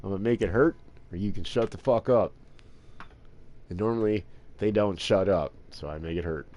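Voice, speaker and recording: A man's voice: on the low side, moderate pace, darkish tone. A man talking in a rambling, crude, profane casual monologue while playing a game. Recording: noisy with vehicle sounds behind.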